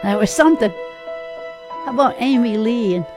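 A woman's voice: fairly high pitch, moderate pace, over music. A woman hosting a radio show, upbeat and exclamatory as she takes calls between songs. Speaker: radio host.

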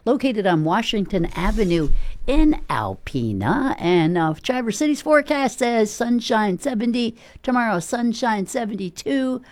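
A woman radio DJ talks from the studio in an animated voice that swings up and down. She is chatty and loose, pokes fun at herself, and reads the forecast in the same casual way. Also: medium pitch. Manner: chatty, loose and self-deprecating. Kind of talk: casual radio chat and weather read.

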